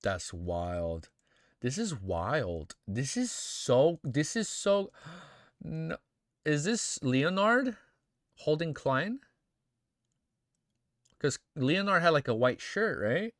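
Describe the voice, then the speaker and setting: A young man streaming, reacting emotionally and excitedly to fan art in casual chat, swearing often and calling viewers dude and bro. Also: fairly high pitch, drawn-out words, pauses often, dry recording, studio quality.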